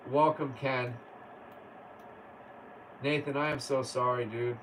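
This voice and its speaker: Hosting a laid-back livestream, a man reads viewer comments aloud, chatting and laughing often. His medium-pitched voice is fairly bright and steady in tone, at a slow pace. The distant mic catches faint background noise.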